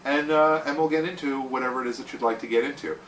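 A man's voice: medium pitch, fast, fairly bright tone, distant mic, a little hiss or hum. Man, podcast host, jokey banter, roomy sound, a bit off mic. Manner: jokey, self-deprecating, playful.

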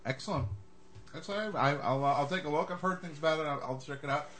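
A man's voice: on the high side, fast talker, over a noisy crowd. A man hosting a casual chat show, joking around and wandering off into side stories. He talks loosely and playfully with his co-hosts. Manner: jokey, rambling, digressive. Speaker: podcast host.

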